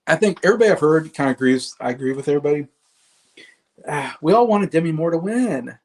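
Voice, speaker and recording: Male commentator, gravelly, easygoing chatter full of fillers and laughter. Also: fairly high pitch, lively intonation, fast, a little mellow. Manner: chatty, laughs often, frequent fillers and restarts. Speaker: movie commentator. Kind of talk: casual solo commentary.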